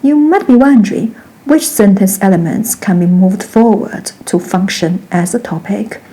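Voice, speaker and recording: A woman giving a scripted grammar lesson, reading each example sentence twice, slowly and precisely. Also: medium pitch, dark tone, poor audio. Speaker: Mandarin teacher.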